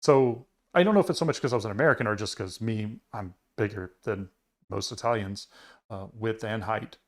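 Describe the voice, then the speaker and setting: A man's voice: lowish voice, a little fast. A man co-hosting a podcast, telling a travel story in casual chat with plenty of fillers and restarts. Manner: rambling storyteller with many fillers. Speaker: podcast co-host.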